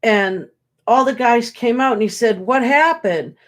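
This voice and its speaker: A woman psychic medium chats casually on a livestream through a webcam or computer mic, rambling as she passes along messages and jokes from spirits. Her fairly high-pitched voice moves at normal speed and she sounds tired and worn out.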